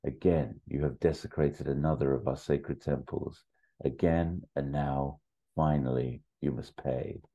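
A man voicing a menacing crime boss villain, slow and mock-courteous in his threats. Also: a bass voice, fairly even intonation, dark tone. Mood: cold menace. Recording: slightly muffled lo-fi audio.

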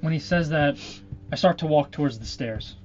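A man's voice: a little high, moderate pace, lo-fi sound, soft background music. A man playing in a tabletop game, talking plainly and asking questions. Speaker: player. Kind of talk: casual tabletop play.

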